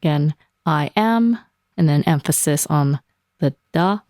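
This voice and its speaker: A Japanese-speaking woman teaching on a language lesson podcast, explaining words slowly and laughing often. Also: sits low, lively intonation, darkish tone, no echo, studio quality.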